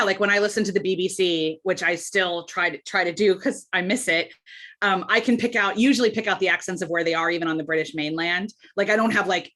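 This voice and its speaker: Chatty woman podcast guest. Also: fairly low pitch. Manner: animated, chatty, quick asides and laughs. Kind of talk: casual interview conversation.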